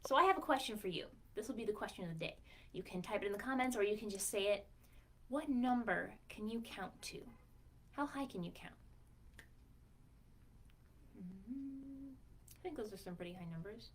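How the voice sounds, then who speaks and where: A woman librarian reading a picture book aloud to young children in a sing-song way, pausing to ask questions and count slowly. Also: fairly high pitch, a bit bright.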